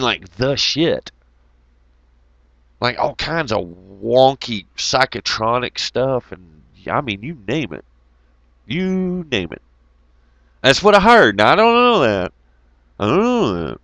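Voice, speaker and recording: A man's voice: mid-range voice, measured pace, long pauses, dry recording. A man rambling through a casual monologue, swearing freely and laughing as he tells stories. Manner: profane, laughing, animated storytelling.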